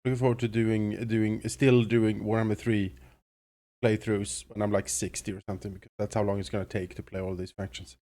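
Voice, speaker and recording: A man plays a co-op strategy game in an easy, chatty way, with a gravelly edge to his early-morning voice. He jokes along with his partner. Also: fairly low pitch, little pitch movement, fairly quick, dark tone. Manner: laughs often, joking and chatty. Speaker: co-op game player. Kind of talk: casual gameplay chat.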